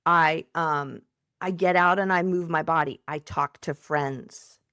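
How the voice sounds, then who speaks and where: A woman psychotherapist and coach speaking as a podcast guest, giving gentle advice and acting out kind, soothing self-talk. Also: low-pitched, a little slow, dry recording, studio quality. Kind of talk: warm conversational advice.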